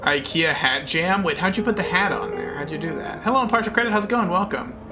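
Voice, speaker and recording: Streaming a puzzle game with music playing behind him, this man talks fast in a high, lively voice. He chats casually, sounds frustrated and mocks himself, swears a lot, and thanks his viewers as he plays.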